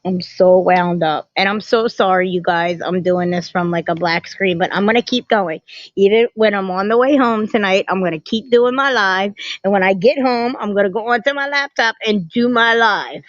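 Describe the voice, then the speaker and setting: A woman hosting a casual livestream from a family home, chatty and animated as she greets viewers by name and talks to her chat. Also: medium pitch, moderate pace, no echo. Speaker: livestream host. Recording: muffled lo-fi phone audio.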